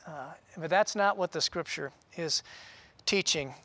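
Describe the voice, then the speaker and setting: A man preaching a sermon in an earnest, conversational way, often pausing with "uh". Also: fairly high pitch, sharp tone, no echo. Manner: earnest, conversational, with frequent "uh" pauses. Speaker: pastor.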